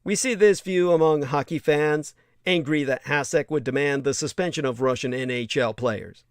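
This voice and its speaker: A man's voice: on the high side, moderate pace, dry recording, studio quality. A man hosting a livestream, reading aloud and adding blunt, indignant commentary with some swearing. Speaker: livestream host.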